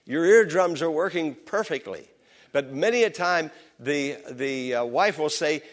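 A man's voice: a little high, lively intonation, measured pace. A middle-aged man preaching a sermon as pastor in a church, his voice swelling and dropping with passion. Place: church sanctuary.

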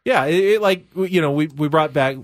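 A man's voice: a little high, fairly quick, no echo, clean studio sound. A man hosting a sports radio show, chatting easily and explaining things to his co-hosts. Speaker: radio host. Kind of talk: casual radio chat.

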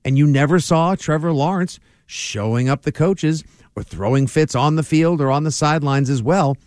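A man's voice: fairly high pitch, normal speed, no echo. Rambling New man, dry close mic. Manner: rambling, animated, full of fillers. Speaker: podcast co-host. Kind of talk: casual sports talk.

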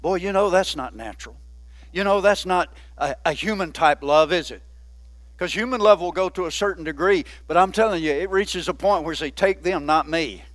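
A man preaching a sermon, often asking the congregation "Amen?" and slowing down to stress key words. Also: high-pitched, fairly bright tone, no echo. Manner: call-and-response preaching with frequent "Amen?". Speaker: pastor.

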